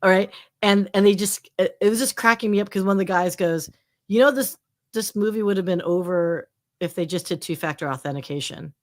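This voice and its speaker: A woman's voice: mid-range voice, fairly quick. A woman guest on a casual live stream, chatting playfully about tech and movies. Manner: playful, chatty, laughs easily. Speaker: guest, tech show host.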